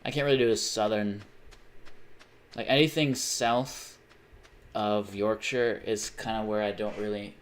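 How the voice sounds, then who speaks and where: A man's voice: fairly low pitch, fairly even intonation, unhurried, long pauses. A young man live-streaming a game, chatting casually and reading viewer messages aloud, rambling and swearing often. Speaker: livestreamer.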